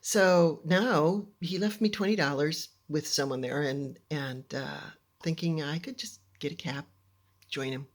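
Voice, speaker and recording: A woman telling a personal story to an audience in an animated, dramatic way, often dropping into hushed near-whispers. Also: deep voice, unhurried.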